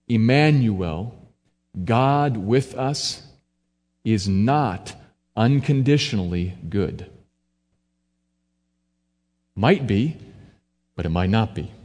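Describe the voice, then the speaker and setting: A man's voice: sits low, warm tone. A man preaching a sermon, explaining scripture verse by verse in a teaching manner. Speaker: pastor. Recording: long hall reverb.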